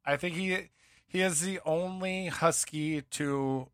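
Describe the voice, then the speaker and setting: A man's voice: on the high side, takes it slowly, no echo, clean studio sound. A man co-hosting a sports podcast, talking casually and rambling with many fillers and restarts. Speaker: podcast co-host.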